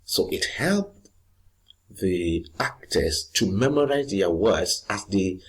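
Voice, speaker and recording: Male teacher, deep voice, very husky, slow patient explaining. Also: animated. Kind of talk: recorded lesson.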